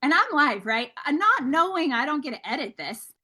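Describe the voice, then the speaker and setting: Upbeat high-voiced woman coaching her team. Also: normal speed. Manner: energetic, candid, addresses listeners as guys. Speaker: sales team leader. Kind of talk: motivational team training talk.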